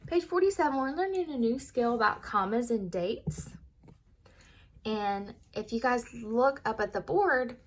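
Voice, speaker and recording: A young woman teacher giving a recorded reading lesson to young students, slowly and clearly sounding out words and walking through worksheet answers. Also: a little high, animated, a little hiss or hum.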